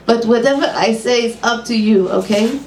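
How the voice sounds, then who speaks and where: A woman's voice: fairly high pitch, normal speed, a little mellow, slight background noise, natural voice. Woman putting on a bossy older psychic lady, hebrew accent, choppy grammar, echoey room, mic far off. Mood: stern. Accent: put-on Hebrew accent. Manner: blunt, clipped broken grammar. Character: brusque older female Kabbalist psychic.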